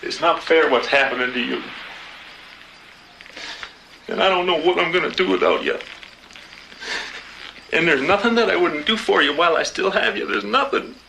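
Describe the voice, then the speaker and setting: A man's voice: on the high side, lively intonation, moderate pace, creaky, pauses often, sharp tone, a little hiss or hum, heavily acted. An actor playing an older husband pleading with his dying wife in a 1980s TV movie. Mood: anguished. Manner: pleading, anguished.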